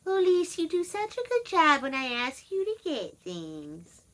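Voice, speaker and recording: A woman putting on a syrupy, high-voiced old mother. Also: huge pitch swings, measured pace, a bit bright, heavily acted. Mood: sweetly praising. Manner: sugary, high and sing-song. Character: elderly mother in her nineties, suddenly sweet and praising.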